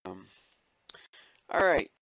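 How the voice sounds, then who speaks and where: A man from southern Alabama running a tabletop game as game master, narrating with lots of fillers and quick laughs. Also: dry recording, highs cut off. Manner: lively, laughing, hesitant narration with many fillers.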